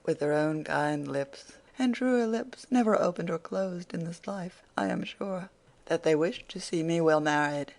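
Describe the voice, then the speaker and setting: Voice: mid-range voice, vocal fry, natural voice. Reader voicing a teasing young woman. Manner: playful, emphatic scolding.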